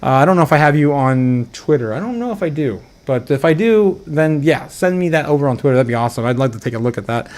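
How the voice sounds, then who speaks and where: A man's voice: a little high, quick pace, hardly any pauses. A man hosting a casual livestream, reading out chat donations, laughing often and rambling with lots of fillers. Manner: giggly and excitable, laughing often between lines; rambling with frequent fillers and repeats. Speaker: livestream host.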